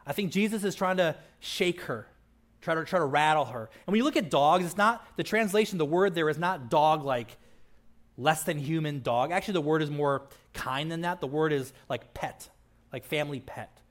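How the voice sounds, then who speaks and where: A man's voice: fairly high pitch, moderate pace. A man pastor giving a conversational sermon, with casual asides and frequent "right?" checks to the listeners.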